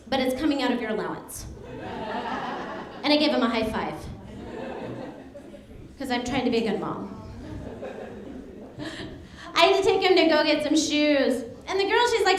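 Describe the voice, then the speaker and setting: A woman in her thirties performing a stand-up comedy set, bubbly and laughing at her own jokes as she acts out voices. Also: high-pitched. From United States. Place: comedy club stage. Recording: echoey club room.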